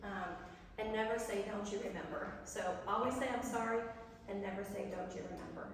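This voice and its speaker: A nurse giving a folksy talk on dementia care to a community group, telling stories with asides. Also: female voice, mid-range voice, brisk, a crowd in the background. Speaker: nurse presenter. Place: community meeting room. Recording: echoey hall from far off.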